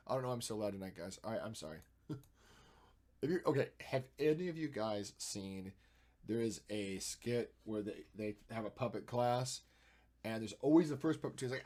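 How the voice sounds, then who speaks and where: A man streaming while he edits photos, chatting and thinking aloud, with playful sound effects and jumps between loud and quiet. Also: medium pitch, brisk. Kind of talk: casual live-stream commentary.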